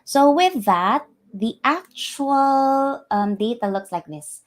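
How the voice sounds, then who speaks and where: A woman's voice: high-pitched, lively intonation, takes it slowly. A woman presenting her research in a lecture, explaining carefully with frequent ums and uhs. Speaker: academic presenter.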